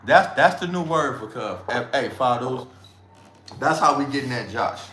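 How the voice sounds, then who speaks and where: At a moderate pace, a livestream host with a medium-pitched, lively voice that sounds pushed and bright delivers casual commentary packed with slang, trash talk and frequent laughs. The room is echoey with faint ambience.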